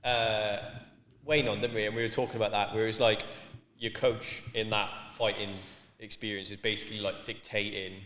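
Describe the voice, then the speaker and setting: A man from Wales co-hosting a casual podcast, telling sweary, animated stories. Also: fairly low pitch, normal speed, slight background noise. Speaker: podcast co-host. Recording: echoey room with long reverb.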